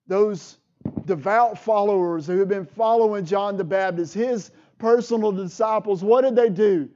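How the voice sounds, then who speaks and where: A man's voice: high-pitched, moderate pace, darkish tone, highs cut off. A male pastor preaching a sermon, swelling with feeling as he builds his points. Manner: preaching with rising emotional swells.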